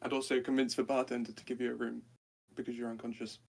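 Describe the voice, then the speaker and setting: A man's voice: medium pitch, little pitch movement, quick pace, gravelly. Guy playing d&d, wry and hesitant, ordinary mid voice. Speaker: player. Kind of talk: casual tabletop role-play.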